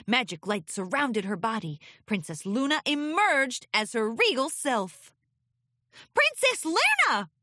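A woman reading a children's storybook aloud with expressive, lilting narration. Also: a little high, unhurried, few pauses, no room sound, studio quality. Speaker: audiobook reader.

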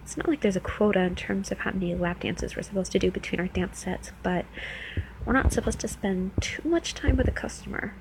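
A woman's voice: medium pitch, a little fast, noisy background, natural voice. A woman playing a teasing New Jersey club dancer. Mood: flirty teasing. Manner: playful, teasing, coaxing. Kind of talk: first-person audio role-play.

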